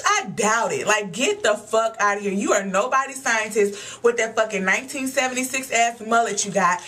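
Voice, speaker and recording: A woman's voice: a little high, a bit bright. Blunt, cussing young woman ranting. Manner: blunt, profane, exasperated ranting. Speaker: vlogger reviewing a TV episode. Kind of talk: casual review rant.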